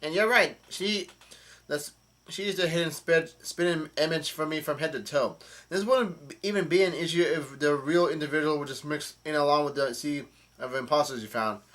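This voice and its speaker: A man casually recapping a comic chapter, reading quoted lines aloud in a halting, hesitant way. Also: a little high, fairly bright tone. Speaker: manga chapter reviewer.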